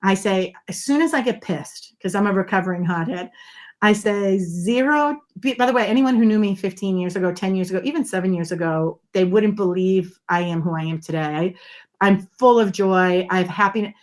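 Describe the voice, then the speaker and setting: A middle-aged woman guest on an interview show, explaining ideas and telling stories in a lively, emphatic way. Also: mid-range voice, brisk. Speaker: guest, body language expert. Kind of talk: conversational interview.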